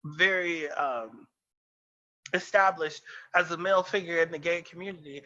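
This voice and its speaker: A man's voice: fairly high pitch, moderate pace, bright, forceful tone, dull audio. A man co-hosting a casual podcast chat, ranting in a sassy, emphatic way. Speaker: podcast co-host.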